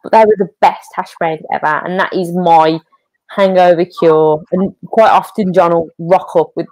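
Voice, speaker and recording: A young English woman talking as a guest, chatty and quick to laugh. Her voice sits a little low and sounds dry and close. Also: fairly even intonation, a little mellow, no echo, rough recording. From United Kingdom. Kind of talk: casual chat.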